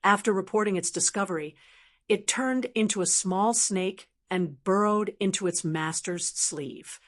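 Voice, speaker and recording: In this clip a woman reads a fantasy novel for an audiobook in a mid-range pitch. Her delivery is steady and even, paced in the measured way of scripted narration.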